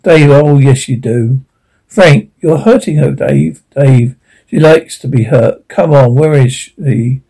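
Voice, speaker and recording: A man's voice: medium pitch, slow pace, creaky, warm tone, husky, heavily acted, rough recording. A man reading the part of a blunt, sarcastic tough-guy detective from a radio-style script.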